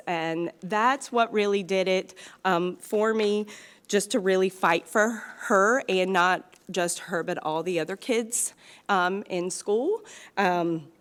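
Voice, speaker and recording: A woman's voice: mid-range voice, takes it slowly, clean tone. A woman, giving nervous public comment as a parent, hesitant with many fillers and restarts.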